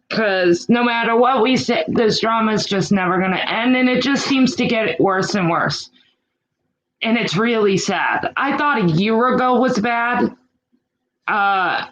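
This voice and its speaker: Slow-talking exasperated woman vlogger. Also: on the high side, fairly bright tone, highs cut off. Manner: frank, exasperated, mild swearing; slow and drawn out. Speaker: YouTube channel host. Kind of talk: casual chat to live chat viewers.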